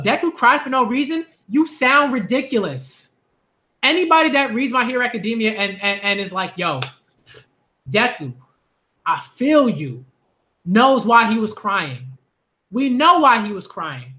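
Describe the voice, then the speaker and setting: A man giving a ranting commentary vlog on manga, animated and exasperated, repeating phrases for emphasis. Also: very high voice, normal speed.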